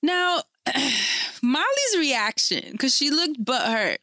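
A young woman co-hosting a casual podcast, expressive and blunt in her reactions. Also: high-pitched, takes it slowly, no echo, clean studio sound. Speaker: podcast co-host. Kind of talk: casual chat.

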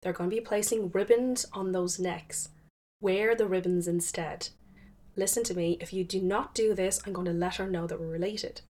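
A woman's voice: lowish voice, steady tone, moderate pace, darkish tone, lightly acted. A woman storyteller voicing a resourceful young girl who speaks firmly.

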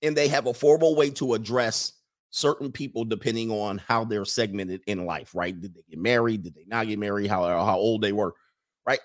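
A man's voice: lowish voice, steady tone, moderate pace. An American man ranting casually and comically to his stream viewers, preaching and reading out their comments. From United States. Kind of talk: casual comedic rant to viewers.

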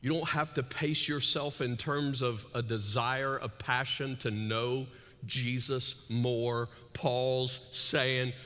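Bright-voiced man preaching in an echoey hall. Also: medium pitch, slow. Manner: energetic, swings between soaring intensity and hushed asides, "right?" tags. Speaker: pastor. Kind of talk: sermon. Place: large church auditorium with several sites.

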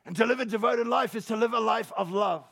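At a church service, a male pastor with a very high, creaky voice preaches a fast, passionate sermon. He stumbles over repeated words, breaks into laughter, and rises to shouts.

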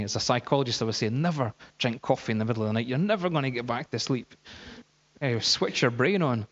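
A man preaching, telling a story in a lively, anecdotal way with laughs and fillers. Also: mid-range voice. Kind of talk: sermon storytelling. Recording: dull, echoey hall.

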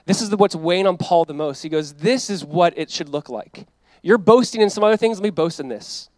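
A man in his thirties preaching a sermon as pastor, animated and emphatic, acting out quoted voices. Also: sits high, brisk, dry recording.

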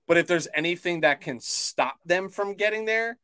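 A man in casual sports chat who weighs his points with care and leans on fillers. His voice is a touch high. The recording is dry and close. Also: bright, forceful tone, clear, resonant tone, dry recording. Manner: measured, cautious, filler-heavy. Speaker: podcast co-host.

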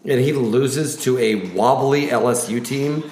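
A man co-hosting a casual sports talk show, talking in an animated way, full of "like" and quick restarts. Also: mid-range voice, slight background noise. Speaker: podcast co-host. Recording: roomy echo.

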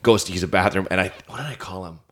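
A man's voice: low-pitched, fast, fairly bright tone. A man in casual podcast chat, telling a rambling comic story with many restarts and mocking voices for the people he quotes. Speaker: comedian guest.

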